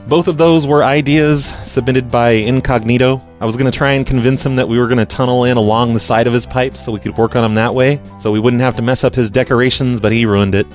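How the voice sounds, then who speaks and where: A man's voice: mid-range voice, fairly even intonation, fast talker, few pauses. A male radio host running a prank call, feigning innocence and apologizing while he strings the caller along. Light music sits faintly under his voice.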